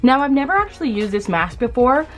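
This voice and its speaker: A woman's voice: high-pitched, big pitch swings, fast, fairly bright tone, faint music behind. A young woman vlogging a casual DIY beauty tutorial at home, chatty, laughing at herself and swearing casually.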